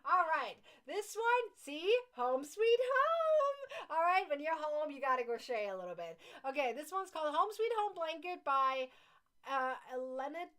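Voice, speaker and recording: Non-native English speaking woman, crochet livestream host. Gushy, excitable, giggly. High voice. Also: normal speed. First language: not English. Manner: gushing, excitable, laughs often. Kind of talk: casual chat reading viewer comments.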